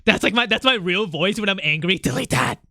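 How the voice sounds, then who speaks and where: A young man streaming while he draws, chatting casually and excitably, laughing often and swearing now and then. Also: high-pitched, a little fast, dry recording, clean studio sound. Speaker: art streamer. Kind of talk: casual live-stream chat.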